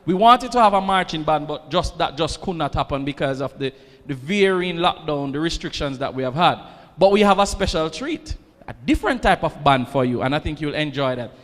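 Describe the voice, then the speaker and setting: In a reverberant hall with faint background noise, a man organizing the event welcomes students in a chatty, informal way, joking and making promises. He speaks a little fast, with a fairly high pitch and lively intonation.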